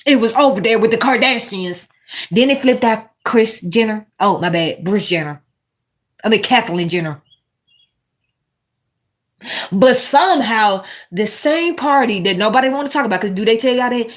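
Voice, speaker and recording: A woman hosting a casual commentary monologue, animated and swearing, talking straight to her viewers. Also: a little high, normal speed. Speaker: commentary host.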